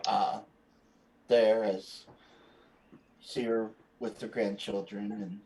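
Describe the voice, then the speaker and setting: A man running a tabletop game as game master, describing scenes in halting phrases full of fillers. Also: fairly low pitch, little pitch movement, darkish tone, a little hiss or hum.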